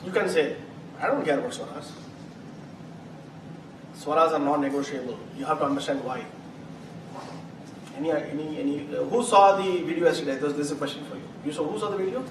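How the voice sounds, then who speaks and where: A man teaching a live chanting class, animated and laughing often as he acts out examples. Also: fairly high pitch, fairly quick, pauses often. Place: classroom hall. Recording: roomy, distant mic, noisy.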